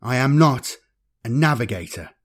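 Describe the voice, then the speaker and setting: A man's voice: mid-range voice, lively intonation, moderate pace, breathy edge. A man voicing a nervous young male space navigator who talks in a quivering, insistent voice, in a science-fiction audiobook.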